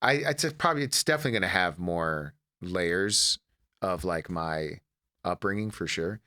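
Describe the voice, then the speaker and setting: A man from Detroit talking in a casual interview with a lowish, bright, forceful voice. He tells family stories with animation and slips into quoting his mother. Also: normal speed. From Detroit, USA. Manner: animated storyteller, acts out his mother's lines. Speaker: comedian guest.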